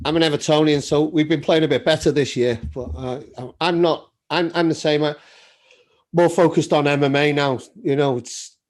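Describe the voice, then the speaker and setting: A man's voice: fairly high pitch, fairly even intonation, moderate pace. A man hosting a podcast in casual chat, friendly and laughing along with short questions. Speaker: podcast host.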